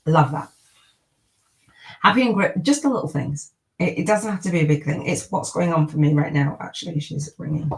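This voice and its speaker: A woman's voice: low voice, a little fast, vocal fry, low-quality recording. Upbeat middle-aged woman reciting affirmations. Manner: upbeat, chatty, repeats affirmations. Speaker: podcast host. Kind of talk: live-streamed gratitude podcast talk.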